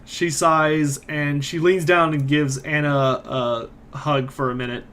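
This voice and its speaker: Quick, lively male game master. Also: fairly high pitch, slight background noise. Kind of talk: narrating a tabletop game and voicing characters.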